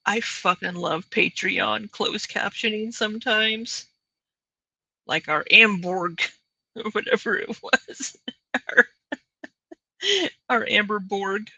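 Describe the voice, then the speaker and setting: Gravelly, husky woman host, slow and sharp. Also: medium pitch, no room sound, poor audio. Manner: mocking, dry sarcasm. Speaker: commentary channel host. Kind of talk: sarcastic reaction commentary.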